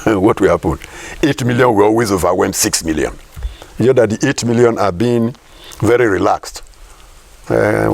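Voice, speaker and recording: Emphatic Nigerian man, gravelly voice. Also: on the low side, darkish tone. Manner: emphatic, rhetorical questions, repeats key lines. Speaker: political commentator guest. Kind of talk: political interview.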